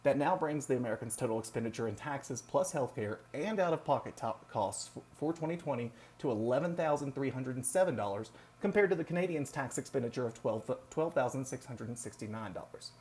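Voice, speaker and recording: Man reading a measured class presentation. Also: medium pitch. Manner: steady, measured reading with occasional slips. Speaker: nursing student. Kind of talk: read-aloud class presentation.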